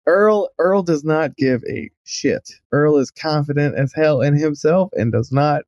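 A man playing a tabletop game, describing his character with lively enthusiasm. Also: on the high side, a little slow, no room sound, muffled recording. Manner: animated, enthusiastic storytelling. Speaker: player.

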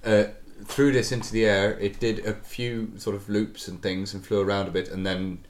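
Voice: low-pitched, little pitch movement, normal speed. A player in a tabletop game, telling events in a rambling way.

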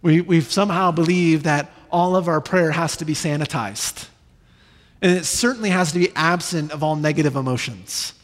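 A man in his thirties preaching a sermon, animated, with sudden high bursts when he acts out children. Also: normal speed. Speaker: pastor. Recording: long reverb in a large hall.

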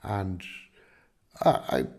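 Very slow and warm in tone, this man from Ireland speaks with a Kilkenny accent. A farmer being interviewed, he answers in a chatty, wandering way full of restarts and "do you know what I mean".

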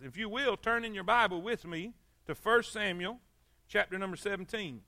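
A man's voice: sits high, normal speed, pushed and bright, no echo. A man preaching an evening sermon in a folksy way, repeating his phrases and calling for amens. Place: church service.

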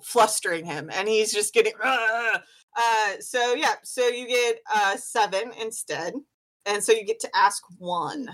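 A woman's voice: mid-range voice, a bit bright. A woman running a tabletop role-playing game as game master, narrating with many fillers. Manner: unhurried, many fillers and laughs.

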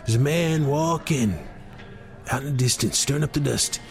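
A man's voice: mid-range voice, moderate pace, creaky, faint music behind. A man telling a rambling comic tall tale, meandering with lots of fillers. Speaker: storyteller.

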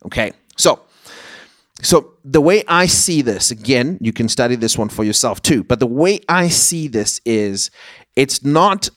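A man's voice: mid-range voice, expressive, unhurried, fairly bright tone, no room sound, clean studio sound. A man giving a Bible teaching who often repeats words as he searches for the next phrase.

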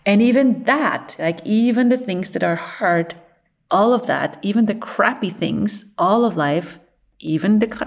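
A woman psychologist giving a motivational talk, playful and expressive, who laughs often and speaks in loose, encouraging phrases. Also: mid-range voice, unhurried.

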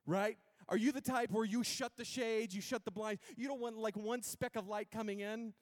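Male pastor, slightly high voice, laid-back sermon delivery with big swings from soft to loud, prompts the congregation to repeat after him. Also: steady tone, moderate pace. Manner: swings between hushed intimacy and loud emphatic preaching; calls on the congregation to repeat words.

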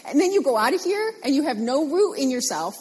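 A woman preaching a sermon, animated and playful, repeating phrases for emphasis. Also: high voice, brisk, in a large hall.

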